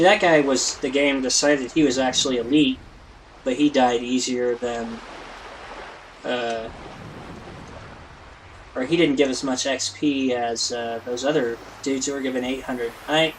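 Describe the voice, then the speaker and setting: A man's voice: mid-range voice, fairly even intonation, a little slow, a little hiss or hum, rough recording. A man hosting a let's play, rambling in casual gameplay commentary and poking fun at himself. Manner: rambling, self-deprecating, lots of fillers.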